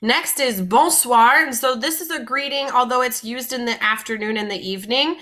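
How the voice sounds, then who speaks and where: A woman's voice: a little high, brisk, bright, forceful tone. A woman teaching French vocabulary in a patient, explanatory lesson, often recapping and repeating terms.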